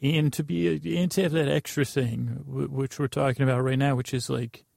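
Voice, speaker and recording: A tired man hosting a podcast, with a creaky voice, in a rambling, self-deprecating bedtime monologue full of false starts. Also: medium pitch, fairly even intonation, normal speed, few pauses, darkish tone, dry recording, clean studio sound. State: tired from lack of sleep. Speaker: podcast host.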